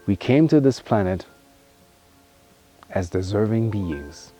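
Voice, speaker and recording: A man with a lowish, mellow voice delivers an earnest spiritual monologue straight to his viewers. He leans hard on some words, then drops to near-hushed tones. Faint music sits underneath. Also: big pitch swings, slow pace. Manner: emphatic and heartfelt, swinging from loud pushes to hushed, soft passages. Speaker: wellness vlogger.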